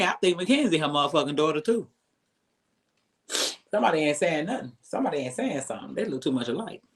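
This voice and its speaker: A commentator ranting about a reality show, heated and sarcastic, dropping from low mutters to sudden high exclaims. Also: a bit bright, husky. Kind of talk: profane commentary rant.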